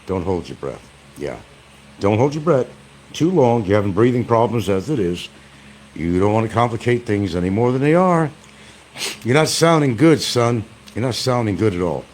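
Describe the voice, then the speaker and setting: Lively sarcastic low-voiced man. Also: normal speed, slight background noise. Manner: sarcastic and taunting, addressing his target as "son". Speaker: stream host. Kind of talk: casual mocking commentary. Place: indoor room.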